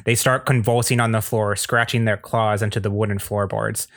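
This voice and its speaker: Man, lowish voice, dry sound, steadily narrating the stage directions of a table read. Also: moderate pace, no room sound. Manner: plain, steady reading with small slips.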